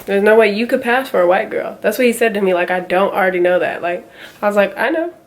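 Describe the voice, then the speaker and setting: A woman's voice: medium pitch, fairly even intonation, fast talker. A young woman in her twenties telling a story in a casual vlog, chatty and full of quoted back-and-forth, with a slightly nasal tone. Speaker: vlogger.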